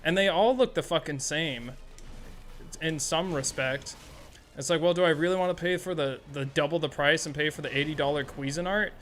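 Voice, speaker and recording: A young man chatting casually on a live gaming stream, excitable and rambling, swearing freely. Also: fairly high pitch, moderate pace, soft background music.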